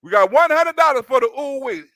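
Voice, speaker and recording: High-voiced joking stream host, man. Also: lively intonation, a little fast, no room sound. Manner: loud, joking, laughs often, repeats himself. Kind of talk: casual stream commentary.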